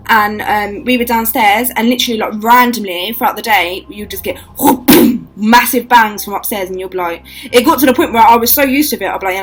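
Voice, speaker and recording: Young woman, swearing, animated storyteller. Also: fairly high pitch, husky, low-quality recording. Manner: swears a lot, acts out quotes, animated. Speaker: vlogger telling stories. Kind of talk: casual storytime chat.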